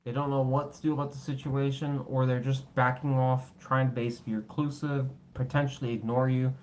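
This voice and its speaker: A man's voice: mid-range voice, level tone, brisk, darkish tone, slight background noise. A man doing a casual tarot reading, blunt and swearing freely, tired, with his voice cracking. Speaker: tarot reader.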